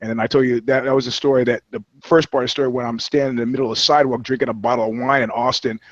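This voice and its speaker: A man's voice: medium pitch, fairly even intonation, racing, dry recording, lo-fi sound. A man talking as a podcast guest, telling loose, profane anecdotes in casual chat. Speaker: guest, touring musician.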